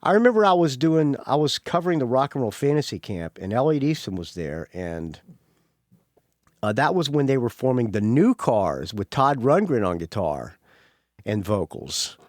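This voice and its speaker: A man's voice: mid-range voice, very animated, normal speed, no echo, studio quality. A middle-aged man hosting a podcast, talking casually and rambling, often correcting himself as he goes. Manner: rambling, self-correcting, offhand. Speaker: podcast host.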